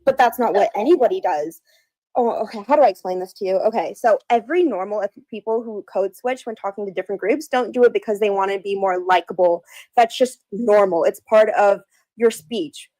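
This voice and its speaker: A woman's voice: mid-range voice, fairly quick, dark tone, no echo, low-quality recording. A young American woman calling in to a live debate, explaining her view earnestly and at length. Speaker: caller.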